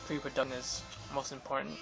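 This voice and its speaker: Rambling young man with gravelly voice. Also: medium pitch, flat delivery, brisk, rough recording. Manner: rambling, many fillers and restarts. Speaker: vlogger. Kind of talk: casual summary of an interview. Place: Los Angeles area. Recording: music playing behind.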